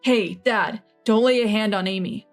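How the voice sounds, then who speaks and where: A woman's voice: medium pitch, normal speed, faint music behind, natural voice. A woman voicing a loyal young husband who speaks firmly and protectively in a storytelling narration. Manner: firm, protective.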